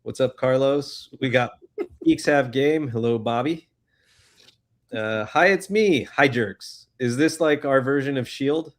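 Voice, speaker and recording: A man's voice: mid-range voice, measured pace. Joking, loose-talking male livestream host. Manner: loose, joking, swears often. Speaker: livestream host reading chat. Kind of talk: casual chat.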